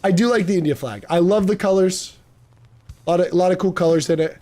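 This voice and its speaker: A man's voice: high voice, fast, warm tone. A man streaming a game, chatting with viewers in a rambling, joking, self-deprecating way. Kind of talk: casual live-stream chat.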